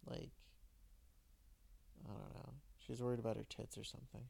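Late-20s man, podcast co-host; tired, gravelly, rambling frustrated chat. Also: medium pitch, flat delivery, normal speed, dark tone, no room sound. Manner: rambling, profane, frustrated venting. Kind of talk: casual chat.

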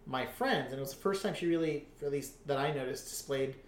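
A man's voice: fairly high pitch, a little fast. A man co-hosting a casual podcast chat, telling a rambling story full of cursing and filler words. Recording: roomy echo.

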